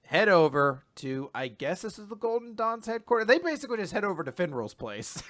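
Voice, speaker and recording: A young man casually chatting as a podcast co-host, rambling through summaries and slipping into animated quoted voices. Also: high voice, a little fast. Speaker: podcast co-host recapping manga. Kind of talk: casual chat.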